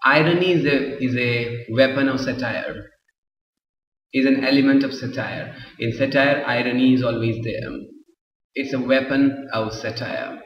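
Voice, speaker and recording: A man teaching an English literature class, explaining slowly and often repeating himself. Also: mid-range voice. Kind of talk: classroom lecture. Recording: roomy echo, far from the mic, dull lo-fi sound.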